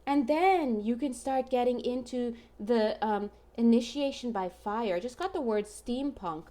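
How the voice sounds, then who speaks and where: A woman's voice: on the high side, unhurried, warm tone. A woman giving a casual tarot reading to her viewers, chatty and emotional, often checking in with "right?". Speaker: tarot reader.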